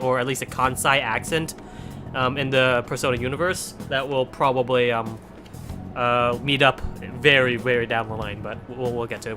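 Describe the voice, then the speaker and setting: A young man rambling through casual game commentary, joking and cursing offhand as he plays. His voice sits at a middling pitch over music in the background. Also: sharp tone. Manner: rambling, jokey, swears casually. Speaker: let's play host.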